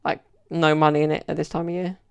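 A man's voice: a little high, little pitch movement, fast, gravelly, clean tone. A young man telling stories in a casual solo podcast, rambling and chatty with lots of "like" and "you know". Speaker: podcast host.

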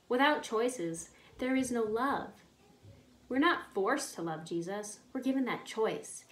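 A woman teaching a children's Bible lesson, patient and kindly, often asking the children questions. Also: medium pitch. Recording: echoey room.

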